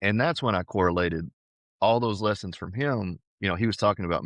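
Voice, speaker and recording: Deep-voiced man telling his story earnestly. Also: a little fast, a bit bright, no echo. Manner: earnest, conversational, says "dude" and "man" often. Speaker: podcast guest, powerlifter. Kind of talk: casual interview storytelling.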